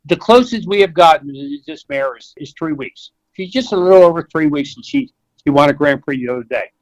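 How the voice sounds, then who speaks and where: Older American man, vet guest on a talk show. Folksy, chatty storyteller who acts out his quotes, slightly high voice, dry close mic. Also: sing-song, brisk, no echo, low-quality recording. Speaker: veterinarian guest. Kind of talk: conversational interview.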